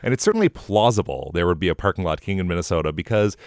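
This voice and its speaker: A man's voice: low-pitched, fast talker, no echo, clean studio sound. A man co-hosting a podcast, chatting casually with wry jokes. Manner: wry, joking, animated. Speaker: podcast co-host. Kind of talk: casual chat.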